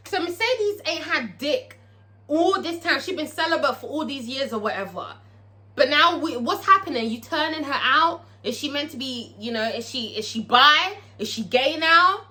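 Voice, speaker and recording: Chatty woman recapping a tv episode, high bright voice, animated n swears a lot. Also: moderate pace. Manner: animated, chatty, profane, laughs often. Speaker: TV episode reviewer. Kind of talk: casual recap commentary.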